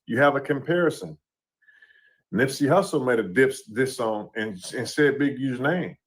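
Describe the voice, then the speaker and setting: A man's voice: mid-range voice, lively intonation, normal speed. Laid-back man talking through a case. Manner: talks it through loosely, "you know what I'm saying". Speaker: commentator in a played clip. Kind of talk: casual commentary on a court case.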